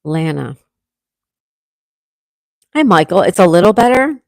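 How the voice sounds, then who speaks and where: A congested woman hosting a relaxed livestream at home, chatting and reading out viewers' comments. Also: fairly low pitch, unhurried, vocal fry, dry recording. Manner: relaxed, chatty, laughs often. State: congested, coughing. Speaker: livestream host.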